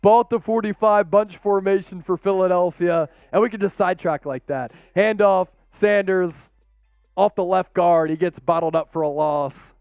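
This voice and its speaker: Excitable high-voiced male sports streamer. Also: normal speed, clean tone, no echo, phone-quality sound, faint music behind. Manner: excitable, laughing, rowdy, casual. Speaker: host. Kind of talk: live-stream watch-party play-by-play.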